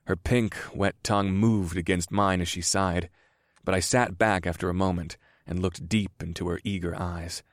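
A man narrating a first-person audiobook in a slow, measured reading. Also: low voice, fairly even intonation, dry recording, studio quality.

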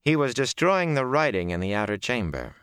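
A haughty, scornful sorceress with a cold, disdainful delivery, as a male narrator voices her. The voice stays low and is recorded close and dry. It is a storybook reading. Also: sing-song, moderate pace, pushed and bright, breathy edge, no echo, full character voice.

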